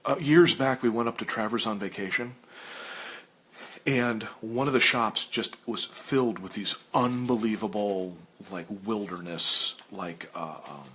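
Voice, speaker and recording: A man hosting a casual chat while sketching, ranting with animated stammered restarts. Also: fairly low pitch, measured pace, slightly rough.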